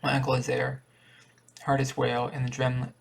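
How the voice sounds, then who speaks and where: A man reading a short story aloud as an audiobook, with a steady, measured delivery. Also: mid-range voice, creaky, slight background noise. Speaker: audiobook reader. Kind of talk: audiobook narration.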